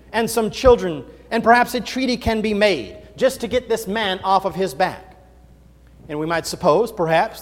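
A man with a high voice delivers an expository sermon, stressing words dramatically and breaking into casual everyday paraphrase. His voice carries a long reverb, as if heard in a large hall. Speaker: preacher. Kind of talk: expository Bible teaching.

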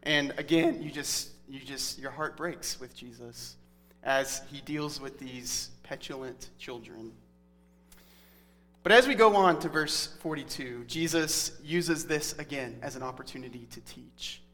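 A man's voice: mid-range voice, a little slow, sharp tone, faint music behind. A man in his thirties preaching a sermon in a conversational, earnest teaching manner. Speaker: pastor. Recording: long hall reverb.

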